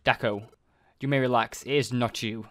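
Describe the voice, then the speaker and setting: A man reading game dialogue aloud as an ancient, solemn nine-tailed fox spirit, slow and formal with archaic phrasing. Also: medium pitch, steady tone, fairly bright tone, no room sound, natural voice.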